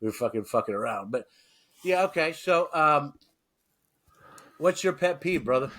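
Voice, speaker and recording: A man from New York co-hosting a podcast, telling stories in a loose, profane, animated way. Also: on the high side, moderate pace. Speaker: podcast co-host. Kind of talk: casual podcast chat.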